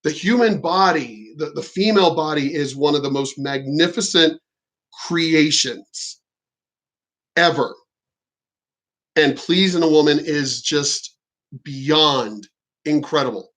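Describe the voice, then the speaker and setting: A man's voice: on the high side, slow, long pauses, a bit bright, rough recording. A man giving blunt, profane commentary and telling a story in casual talk. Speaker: commentator reacting to clips.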